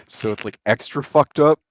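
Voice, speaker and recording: A man's voice: medium pitch, no echo. Rambling, foul-mouthed male lawyer guest. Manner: rambling storyteller, swears freely, laughs often. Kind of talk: casual chat. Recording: dull lo-fi dry voice line.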